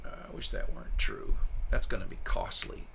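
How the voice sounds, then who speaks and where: A man with a low, gravelly voice talks his way through a technical spec while coding on screen. His tone is sharp and forceful. He rants and swears at what he reads, then sinks into soft, breathy muttering to himself. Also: huge pitch swings, moderate pace, a little hiss or hum. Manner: drops to soft, breathy asides. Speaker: software developer reading a spec while coding. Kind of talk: live coding screencast, thinking aloud.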